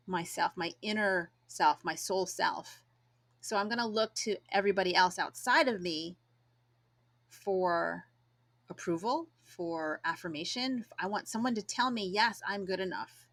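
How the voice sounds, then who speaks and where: A woman's voice: medium pitch, fairly bright tone. A woman in her forties hosting a solo podcast, talking casually and reflectively and acting out quoted voices. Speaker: podcast host.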